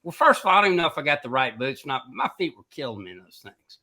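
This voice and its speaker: A middle-aged man co-hosting a podcast, telling a long casual anecdote in an animated way and laughing through his own story. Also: mid-range voice, very fast. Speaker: podcast co-host.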